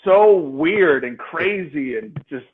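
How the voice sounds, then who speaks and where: A man co-hosting a casual chat, excitable and slangy, swearing often. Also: on the high side, slow. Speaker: podcast co-host. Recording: tinny phone-like sound.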